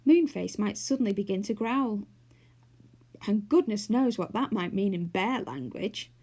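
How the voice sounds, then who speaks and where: A woman's voice: mid-range voice, unhurried, mellow. A woman with an English accent reading a children's novel aloud, doing character voices. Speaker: storyteller.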